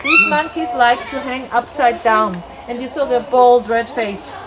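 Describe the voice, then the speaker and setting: A woman, the founder of a wildlife sanctuary, explaining animals to a tour group in a lively, explanatory way. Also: fairly high pitch, a little slow, heavy background noise. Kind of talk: outdoor guided tour talk. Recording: crowd chatter and animals behind.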